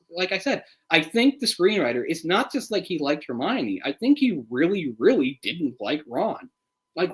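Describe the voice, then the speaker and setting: A man co-hosting a casual live movie commentary, chatty and opinionated, getting heated and animated as he picks apart the adaptation. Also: high-pitched, rough recording. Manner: opinionated, gets heated and animated when ranting; chatty, full of "like" and restarts. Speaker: film commentary co-host.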